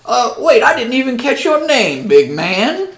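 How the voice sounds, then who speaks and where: A man's voice: very high-pitched, very animated, unhurried, a bit bright, reverberant, voice pushed up, heavily acted. A man voicing an eager, folksy small-town mayor in a tabletop game.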